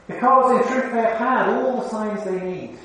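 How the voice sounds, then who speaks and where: Guy preaching a sermon, highish voice, talks chatty and asks the crowd stuff, big echo, mic far away. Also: moderate pace, fairly bright tone. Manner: conversational, asks the congregation questions. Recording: very echoey hall, mic far off.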